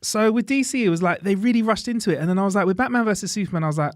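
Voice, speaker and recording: A man co-hosting a casual podcast chat, lively and chatty, dropping British slang like mate and bruv. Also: sits high, very fast, few pauses, no room sound, studio quality. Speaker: podcast co-host. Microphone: studio podcast mic.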